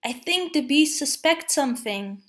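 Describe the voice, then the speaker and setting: A gentle, hopeful storybook bear with a simple, cheerful air, as a woman reads him. He speaks slightly high and slowly. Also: lively intonation.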